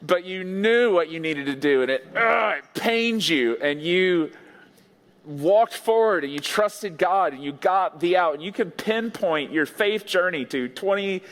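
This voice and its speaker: A man's voice: sits high, expressive, measured pace, a bit bright. A male pastor giving an earnest, conversational sermon with playful asides. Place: large church sanctuary. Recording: long church hall reverb.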